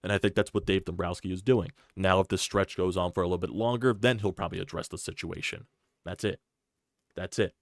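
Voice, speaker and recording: A man's voice: low-pitched, fairly even intonation, a little fast, creaky, dry recording, studio quality. A man hosting his own sports channel, giving a casual, emphatic game recap with repeated points. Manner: heated, swearing rants; repetitive, emphatic delivery.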